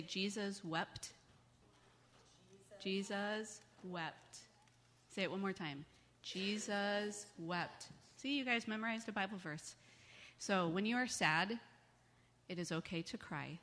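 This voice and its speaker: A woman giving a children's message in church, speaking gently and coaxing the kids with questions. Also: fairly low pitch. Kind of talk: children's sermon. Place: church sanctuary. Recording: long church reverb.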